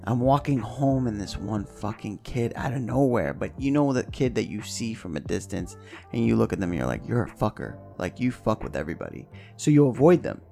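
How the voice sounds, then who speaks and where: A man co-hosting a podcast, telling a profane, animated story in casual chat and acting out the voices. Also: medium pitch, fairly quick, gravelly, faint music behind. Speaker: podcast co-host.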